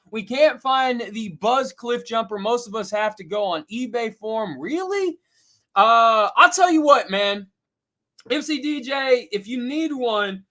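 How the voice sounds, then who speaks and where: A man hosting a casual live stream, reading out viewer comments in an excitable way, laughing often and filling pauses with "uh". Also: high voice. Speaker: host reading viewer chat.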